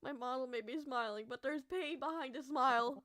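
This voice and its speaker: A woman's voice: high voice, moderate pace, a bit bright, no room sound. A woman streamer reading a story game aloud, mixing narration with emotional reactions and the occasional curse. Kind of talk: reading a visual novel aloud with commentary.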